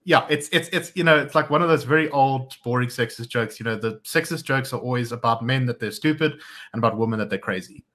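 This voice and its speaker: A man co-hosts a casual chat, recounting events in a loose, filler-heavy way. His voice is bright and forward, at a middling pitch for a man. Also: fast. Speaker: podcast co-host.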